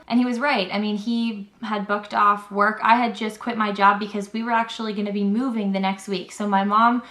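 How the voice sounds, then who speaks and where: A woman's voice: medium pitch, flat delivery, fairly quick, fairly bright tone. A young woman telling a personal story to camera in a chatty vlog style, acting out the lines of the people in it, with many fillers. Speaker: vlogger. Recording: echoey room.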